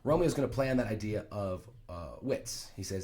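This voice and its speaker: Lively low-voiced man explaining a play. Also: brisk. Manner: animated, thinking aloud with fillers and asides. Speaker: teacher explaining Shakespeare. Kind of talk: casual explanatory lesson.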